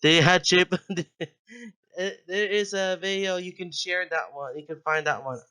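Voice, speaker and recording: Brief: young adult man, slightly higher voice, casual host, giggly, goes off on tangents, corrects himself. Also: steady tone, a little slow, bright, forceful tone, clean tone. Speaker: channel host. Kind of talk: casual rambling commentary.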